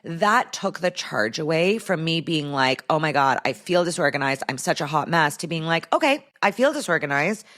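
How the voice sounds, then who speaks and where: A woman with a low, deep-set voice hosts her own podcast in a loose, conversational way. She talks candidly straight into the microphone and peppers her sentences with "like". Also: lively intonation, normal speed, few pauses, a bit bright. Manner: chatty and candid, heavy use of "like". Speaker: podcast host. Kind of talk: casual solo podcast chat.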